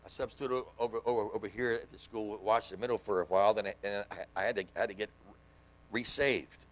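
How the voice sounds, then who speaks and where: A man's voice: lowish voice, fairly even intonation, fast talker. A middle-aged man preaching a sermon in a church, telling his own story and acting out the voices of the people he quotes. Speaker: pastor and hospital chaplain. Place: church sanctuary.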